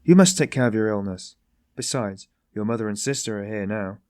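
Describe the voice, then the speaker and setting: A man's voice: fairly low pitch, lively intonation, fairly quick, darkish tone, no echo, clean studio sound, lightly acted. A man voicing a sly, genial detective who teases in a mocking, ironic way. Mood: coaxing. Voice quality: tittering, mocking.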